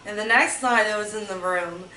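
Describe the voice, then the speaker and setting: Rambling woman telling stories, bright voice. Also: medium pitch, normal speed. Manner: rambling, meandering storytelling with restarts. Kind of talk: personal storytelling vlog. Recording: roomy echo, mic at a distance, faint background noise.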